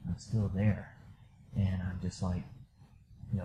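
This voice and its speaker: A man candidly telling a personal story in a casual, rambling way, full of fillers, going quiet at the low moments. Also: level tone, slow, noisy background. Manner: candid, rambling, many fillers, drops soft when reliving low moments. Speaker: storyteller sharing a personal experience.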